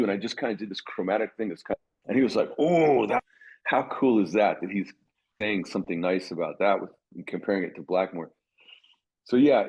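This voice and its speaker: A man's voice: on the low side, husky, dull audio. A middle-aged man, a guitarist being interviewed, telling stories in a rambling way with many restarts and acted-out quotes. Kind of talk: casual interview storytelling.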